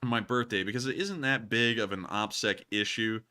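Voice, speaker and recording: Laughing often and quick with a joke, a young Southern US man in his 20s answers super chats while co-hosting a war news livestream. His smooth voice runs on the low side, and his manner is casual and excitable.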